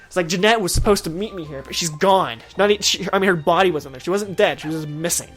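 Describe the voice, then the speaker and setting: A man co-hosting a gaming video, improvising a rambling comic story in a deadpan way. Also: sits high, quick pace, faint music behind. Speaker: co-host of a gaming channel. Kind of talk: casual improvised comic storytelling over gameplay.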